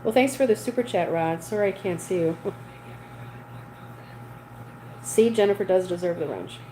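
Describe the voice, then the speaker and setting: A chatty woman hosting a livestream, talking loosely with her audience and reading out their comments as they come in. Her voice sits at an ordinary middle pitch, with a faint hum running behind it. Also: brisk, mellow, low-quality recording. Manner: chatty, reads viewer comments aloud, laughs often. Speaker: livestream host. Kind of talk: casual live chat with viewers.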